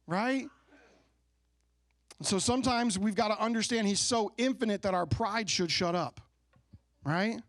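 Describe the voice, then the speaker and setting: A man in his thirties preaching a sermon in a relaxed, conversational way, telling a family story and asking the congregation questions. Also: very high voice, normal speed, no room sound. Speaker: pastor. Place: church sanctuary.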